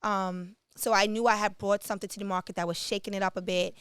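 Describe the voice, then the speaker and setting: Smooth-voiced woman telling her story. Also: mid-range voice, fast, no echo. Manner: animated, acts out quoted dialogue. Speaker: entrepreneur guest. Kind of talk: candid interview storytelling.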